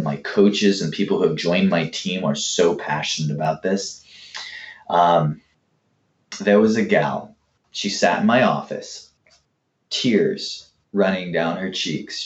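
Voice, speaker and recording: Guy coaching fitness, lively storyteller, kinda low voice, echoey room. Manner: animated, acts out client conversations. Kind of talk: casual storytelling interview answer. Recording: roomy, dull lo-fi sound.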